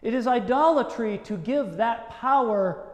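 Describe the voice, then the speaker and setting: Guy preaching a sermon, kinda high voice, chatty and animated, lots of room echo with a long tail. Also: unhurried. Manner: conversational, animated, acts out quoted voices. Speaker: pastor.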